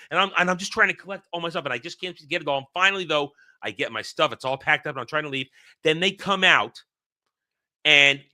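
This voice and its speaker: A man with a fairly high, very bright and tense voice tells a long dream story on his channel. He rambles and restarts himself often as he gets heated, in a casual solo monologue. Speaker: channel host.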